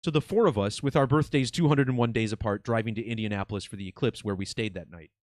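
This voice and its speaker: A man hosting his own video channel, talking casually and excitedly to viewers, swearing now and then. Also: on the low side, fast, no room sound, clean studio sound. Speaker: video host.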